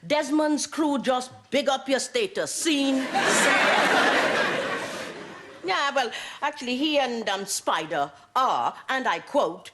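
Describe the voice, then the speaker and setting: A woman's voice: sits high, animated, slow pace. An actress playing a wry mother who teases her family dryly. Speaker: mother, barbershop owner's wife. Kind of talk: sitcom acting. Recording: noisy TV sitcom audio.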